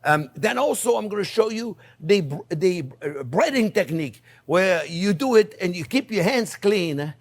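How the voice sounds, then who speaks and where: An older man hosting a cooking demonstration, enthusiastic and coaxing, talking straight to viewers as his friends. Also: high voice. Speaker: chef and cooking show host.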